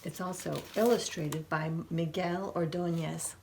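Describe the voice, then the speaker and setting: A woman leads a children's storytime, reading picture books aloud at an unhurried, careful pace. She playfully voices animal noises and checks in with the little listeners. A faint hiss of noise sits under her voice. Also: lowish voice, fairly even intonation, gravelly. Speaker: children's librarian.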